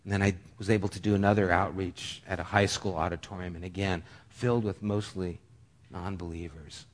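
A middle-aged man preaching a sermon, telling a personal story in an earnest, halting way with frequent restarts. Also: low voice, fairly even intonation.

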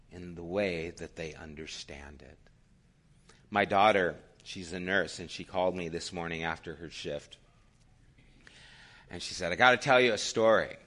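A middle-aged man preaching a sermon in a bright, forceful voice. He swings between loud, passionate urging and hushed, almost whispered lines. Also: low-pitched. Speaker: pastor.

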